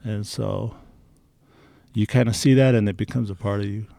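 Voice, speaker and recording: Middle-aged guy in an interview, gravelly low voice, real blunt and candid. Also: fairly even intonation, normal speed, dark tone, no room sound, studio quality. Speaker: interview guest. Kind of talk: casual storytelling interview.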